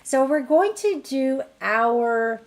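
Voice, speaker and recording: A middle-aged woman teaching an energy healing technique in a chatty online class, her voice rising brightly when she acts out what she tells others. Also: high-pitched, lively intonation, slow. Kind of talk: casual online teaching demonstration.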